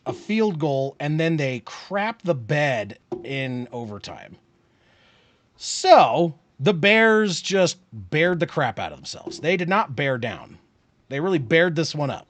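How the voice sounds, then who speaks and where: A man calling a football game play by play on his live stream, rising with excitement on big plays and dropping to quiet muttered asides. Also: a little high, measured pace, no echo. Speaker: streamer and sports commentator.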